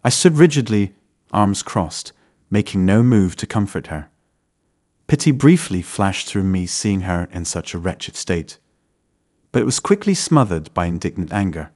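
Low-voiced man narrating a dramatic story. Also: expressive, measured pace, darkish tone. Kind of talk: scripted first-person story narration.

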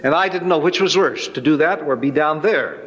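Folksy male testimony speaker, fairly high voice, long echo of a hall around him. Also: lively intonation, a little fast, fairly bright tone, highs cut off, a little hiss or hum. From Northern California. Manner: folksy, dramatic storytelling. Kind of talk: spoken personal testimony.

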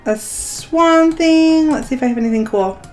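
A woman's voice: high-pitched, moderate pace, soft background music. A middle-aged woman hosting a gaming vlog, narrating as she plays, often gasping and squealing with delight. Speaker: gaming channel host. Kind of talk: excited gameplay vlog narration.

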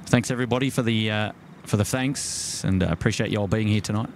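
A man's voice: fairly low pitch, fairly even intonation, fast talker, slight background noise. An Australian man hosting a live stream outdoors at night by the water, chatting casually and greeting viewers by name with plenty of fillers.

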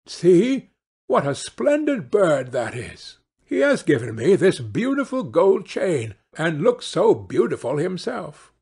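A man playing a cheerful, contented father in a storybook reading, speaking gently. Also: on the high side, huge pitch swings, takes it slowly, husky, heavily acted. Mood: delighted. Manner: gentle and pleased.

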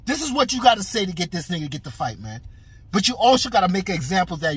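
Husky man ranting, voice swooping high. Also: very animated, fast talker, dry recording. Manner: heated, frustrated, emphatic. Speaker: boxing commentator. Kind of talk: casual profane rant.

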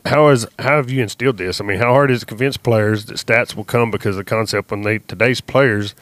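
A man's voice: lowish voice, fast, fairly bright tone, no echo. A man co-hosting a podcast, asking the guest questions in casual talk. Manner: asks questions, short agreeing replies. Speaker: podcast co-host.

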